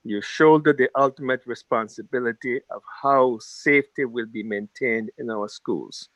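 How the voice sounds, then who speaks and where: Union guy giving a rallying speech on a video call, bright forceful voice, dry sound. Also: medium pitch, normal speed, no echo, low-quality recording. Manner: earnest, rallying, repeats key phrases. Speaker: labor union leader. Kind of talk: prepared speech at an online town hall.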